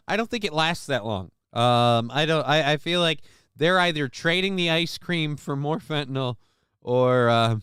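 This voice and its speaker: Male stream host, sarcastic and crude, rambles off chat; tense bright tone, very clean and dry sound. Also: a little high, lively intonation, normal speed, clean tone, no echo. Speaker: live-stream show host. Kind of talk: casual live-stream commentary reading chat.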